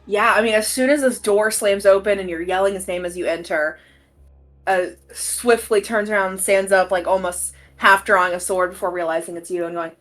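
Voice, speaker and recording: A woman's voice: mid-range voice, steady tone, a little fast, fairly bright tone. A woman narrating as game master in a tabletop game, casual and full of fillers.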